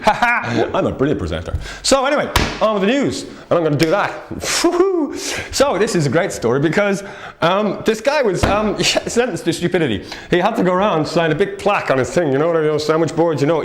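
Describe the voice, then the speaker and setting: A man with a Northern English accent hosts a comedic news roundup. He talks fast and rambles, jokes at his own expense, and swings his pitch all over the place. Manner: rambling, jokey, self-mocking. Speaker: host.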